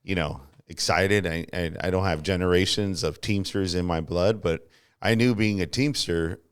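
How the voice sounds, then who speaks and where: A man telling stories from his working life in a casual podcast chat, animated and laughing at himself. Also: low voice, moderate pace, clear, resonant tone. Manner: animated storyteller, acts out quotes, laughs at himself. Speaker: union guest telling stories.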